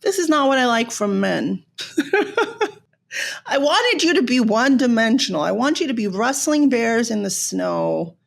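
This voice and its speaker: A woman from Los Angeles hosting a podcast, ranting in an animated, sarcastic way and swearing freely. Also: fairly high pitch, moderate pace, gravelly, few pauses. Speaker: podcast host. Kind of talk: casual rant.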